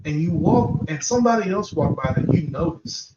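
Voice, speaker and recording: A man hosting a paranormal podcast, casually telling a guest an animated hypothetical story and often calling her by name. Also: fairly high pitch, normal speed. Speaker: podcast host. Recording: roomy, distant, muffled live stream with noise.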